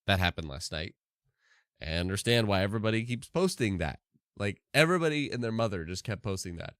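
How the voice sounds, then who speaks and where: A man's voice: lowish voice, expressive, brisk, fairly bright tone, clear, resonant tone, dry recording, studio quality. A sleep-deprived man streaming live, chatting casually and rambling with many restarts. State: tired from no sleep.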